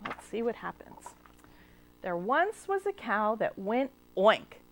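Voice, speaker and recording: A woman librarian reading a picture book aloud to children, expressive, with gasps and questions to the young listeners. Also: mid-range voice, takes it slowly, noisy background. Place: cable TV studio.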